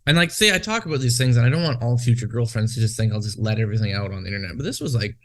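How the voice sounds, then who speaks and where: A man in a loose, casual podcast conversation, his voice sitting at an ordinary middle pitch. He swears a lot and drifts from one tangent to the next. The delivery is unscripted and talky. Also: lively intonation, racing. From Western Canada. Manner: profane, rambling, goes off on tangents. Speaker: podcast co-host.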